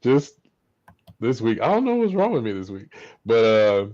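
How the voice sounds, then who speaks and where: A middle-aged man co-hosting a podcast, telling a family story in a relaxed, casual way. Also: mid-range voice, moderate pace, dry recording, muffled recording. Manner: relaxed, affirming, tells anecdotes. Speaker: podcast co-host.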